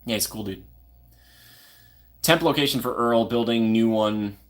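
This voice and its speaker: A man's voice: mid-range voice, moderate pace. A young man from Minnesota hosting a casual live stream, chatting and answering viewer comments by name. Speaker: livestream host.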